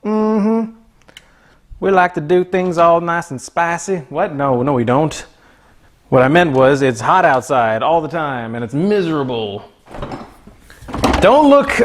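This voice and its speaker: A man's voice: a little high, slight background noise. A young man from Florida hosting a casual cooking livestream from his home kitchen, joking with his chat and reading out their names. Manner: jokey, talks to chat, reads out names.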